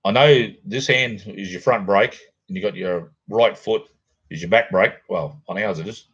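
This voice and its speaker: A man's voice: fairly low pitch, normal speed, fairly bright tone, husky, highs cut off. Laid-back Australian man chatting on a livestream. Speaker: livestream host. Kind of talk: casual livestream chat. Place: home, near a garage.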